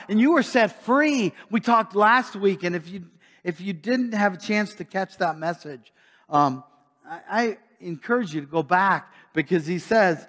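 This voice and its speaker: A man preaching a sermon, reading scripture aloud and then explaining it in a conversational way, pausing and restarting. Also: sits high, fairly bright tone, in a large hall. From Midwestern United States. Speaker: pastor. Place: church sanctuary.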